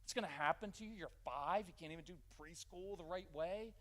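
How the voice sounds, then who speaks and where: A man's voice: high voice, fairly quick, fairly bright tone. A man in his fifties giving a live parenting workshop, joking and acting out parent-child dialogues. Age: 50s.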